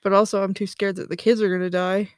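A woman's voice: medium pitch, flat delivery, fast talker, no room sound, studio quality. Giggly woman, easily spooked. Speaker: podcast co-host. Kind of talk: casual chat.

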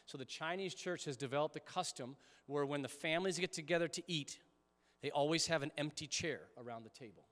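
A pastor delivering a conversational sermon, emphatic at times and dropping to soft prayerful tones. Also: male voice, fairly high pitch, a little fast, long reverb tail. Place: church sanctuary.

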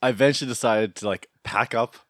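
A man's voice: mid-range voice, fast, dry recording, clean studio sound. A man in his thirties, co-hosting a podcast, telling a rambling, self-deprecating story in casual chat. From Canada. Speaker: podcast co-host.

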